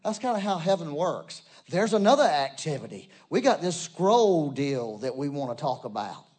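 A man preaching a sermon, talking straight to his congregation and swinging between loud emphatic bursts and soft low asides. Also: very animated, normal speed. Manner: conversational, addresses congregation directly. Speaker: pastor.

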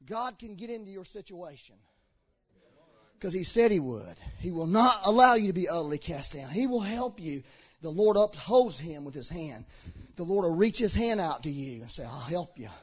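Male preacher, high voice, fiery sermon delivery that jumps from shouts to hushed, earnest asides. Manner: impassioned, swinging between shouting and low earnest talk. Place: church hall with a congregation.

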